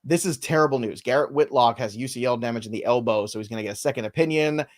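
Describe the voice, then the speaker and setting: Man, podcast host, dry sarcastic humor, brisk news rundown, mid-pitched voice. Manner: wry, sarcastic, quick rundown of injury news. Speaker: fantasy baseball podcast host.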